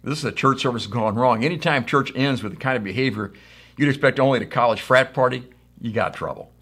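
Fast and expressive, a middle-aged American pastor's husky, medium-pitched voice carries a fairly bright tone. He tells stories in a conversational sermon, acting out the quotes as he goes.

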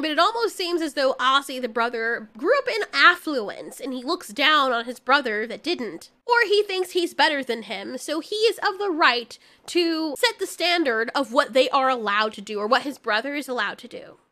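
Bright, high-voiced woman film reviewer. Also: expressive, moderate pace, hardly any pauses. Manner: sarcastic and joking. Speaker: video reviewer. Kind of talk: casual comedic film recap commentary.

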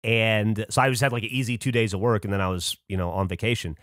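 A man's voice: lowish voice, steady tone, fast talker, a bit bright, no room sound, studio quality. A man in his late forties from Alabama, a podcast co-host telling a long story in a casual, profane, laid-back way.

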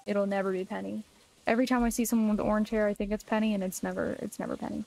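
A young woman streams a game with loose, casual commentary. She sounds exasperated and jokey as she grumbles and argues back at what's on screen. Her voice sits at an ordinary middle pitch. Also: fast, a little mellow, slight background noise. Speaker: gaming streamer. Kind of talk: casual let's-play commentary.

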